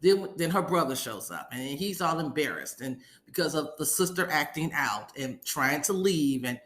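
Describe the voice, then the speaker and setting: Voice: medium pitch, lively intonation, normal speed, fairly bright tone, echoey room. A podcast host giving a casual episode recap, retelling scenes in a chatty way and acting out quotes from the characters.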